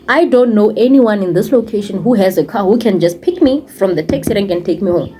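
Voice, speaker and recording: Speaking English with a Setswana accent, a young vlogger and ex-teacher animatedly retells a personal experience, imitating what others said and code-switching into Setswana. Her voice is medium-pitched, with a little hiss or hum in the recording.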